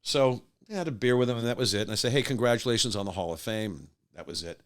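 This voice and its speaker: A man's voice: mid-range voice, quick pace. An older man casually telling a long anecdote as a podcast guest, acting out the voices of the people in it. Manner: animated anecdote teller, acting out voices of others. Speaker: podcast guest, musician and radio host. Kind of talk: casual storytelling.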